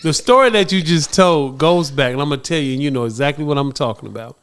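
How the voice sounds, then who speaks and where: A man's voice: on the high side, fast talker, a bit bright, smooth. Slangy podcast host man. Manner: emotional, slangy storyteller, many backchannels. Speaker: podcast host and radio morning show host. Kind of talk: casual podcast chat.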